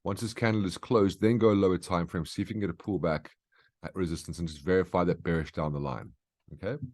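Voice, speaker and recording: A man's voice: deep voice, steady tone, fast talker, darkish tone. A man hosting a daily market brief, walking through price charts in a casual, instructive way and often checking in with "okay?". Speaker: market analyst host. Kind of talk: live trading chart walkthrough.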